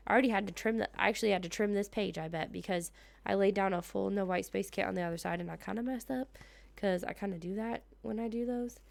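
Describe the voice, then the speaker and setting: A woman's voice: medium pitch, fast, creaky, few pauses, a little mellow. A woman in her thirties from the United States, chatting casually in her living room as she decorates a planner, laughing often and muttering to herself. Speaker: planner vlogger. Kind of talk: casual plan-with-me chat.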